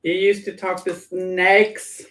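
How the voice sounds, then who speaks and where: A woman hosts a miniature-painting livestream from her hobby desk at home, chatting casually and muttering jokes to herself as she works. Her voice is fairly low and flat, her pace slow, and the audio quality poor.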